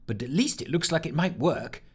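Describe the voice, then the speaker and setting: A man voicing a practical young woman who speaks briskly and grows flustered. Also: a little high, animated, breathy edge.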